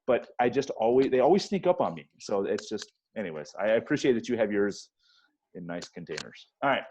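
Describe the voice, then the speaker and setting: A man hosting a casual interview, easygoing and halting with fillers. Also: fairly low pitch, sing-song, darkish tone, slight background noise. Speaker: interview host.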